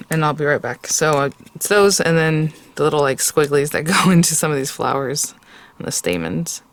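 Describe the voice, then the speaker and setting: A woman's voice: sits low, fairly bright tone. A woman hosting a card-making tutorial, chatty and rambling, with many fillers and self-corrections. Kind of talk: casual crafting tutorial.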